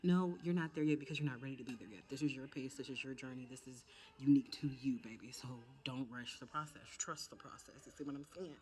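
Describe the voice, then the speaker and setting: A young woman chatting casually through a makeup tutorial, animated and calling her viewers baby and honey. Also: a bass voice, quick pace, hardly any pauses. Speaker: makeup creator.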